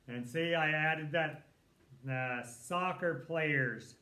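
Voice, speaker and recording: A man's voice: fairly high pitch, slow pace. A man teaching a writing lesson, talking casually and thinking aloud as he edits a sample text. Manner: relaxed, thinking aloud with fillers. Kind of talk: recorded lesson walkthrough.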